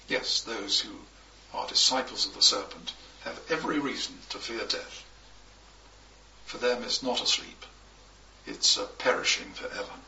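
A man preaching a sermon, slow and emphatic, with measured pauses between phrases. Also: fairly low pitch, creaky, bright, forceful tone, a little hiss or hum. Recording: echoey, distant, dull recording.

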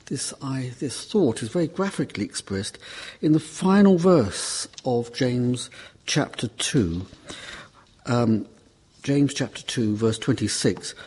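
A man giving a Bible class talk in a measured, emphatic preaching style, repeating key words for stress. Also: medium pitch, a little mellow, breathy edge. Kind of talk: sermon.

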